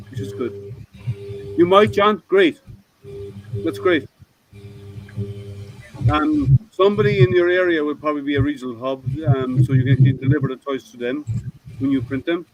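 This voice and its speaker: A man's voice: medium pitch, slight background noise, rough recording. A man hosting a casual livestream hangout from home, rambling and thinking aloud with plenty of ums, talking over an online call mic. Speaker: livestream host.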